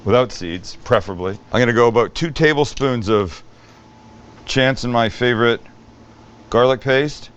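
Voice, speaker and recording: A man's voice: mid-range voice, normal speed, lo-fi sound, slight background noise. A man hosting a cooking show, demonstrating a recipe in an upbeat, joking way and swearing freely.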